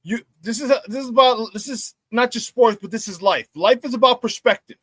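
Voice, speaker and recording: A man hosting a casual sports talk show, telling stories excitedly with many restarts and repeated words. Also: very high-pitched, fairly quick, husky, no room sound.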